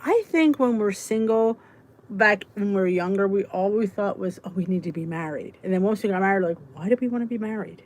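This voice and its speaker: A woman's voice: mid-range voice, brisk, low-quality recording. Sleepy chatty middle-aged woman. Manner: chatty, joking, breaks into laughs and soft whispered asides. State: sleepy, yawning. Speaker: host of a weight loss support chat. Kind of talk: casual live chat reading viewer comments.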